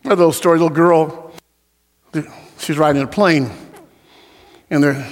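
A man delivers a sermon in a high, ringing voice. He tells homely stories, then climbs into fervent, shouted calls. A long reverb trails his words through the hall. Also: unhurried. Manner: storytelling, rising to impassioned shouts. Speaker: preacher.

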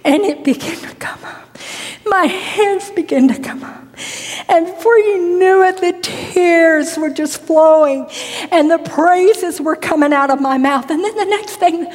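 Woman preacher, high-pitched, emotive storyteller who sinks into hushed tones; sanctuary with long reverb. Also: unhurried. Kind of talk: sermon with personal testimony.

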